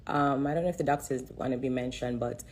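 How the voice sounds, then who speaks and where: Woman streamer, low husky voice, tearful earnest testimony on a live stream. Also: fast, darkish tone. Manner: earnest, repetitive, fighting back tears. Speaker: livestream host.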